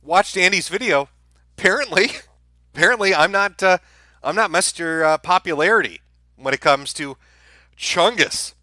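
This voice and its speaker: A man rants through a live-stream commentary, sarcastic and full of swearing. His voice is very bright and swings up and down in pitch, recorded close and dry. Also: lively intonation, moderate pace, pauses often, no echo. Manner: heated, profane, sarcastic rant. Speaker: streamer host.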